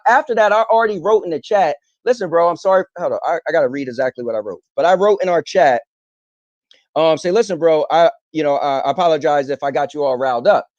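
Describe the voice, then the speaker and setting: Casting: male podcast host, rambling storyteller, fairly high voice, dry dull lo-fi mic. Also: no echo. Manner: rambling, animated retelling with filler ums. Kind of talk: casual storytelling monologue.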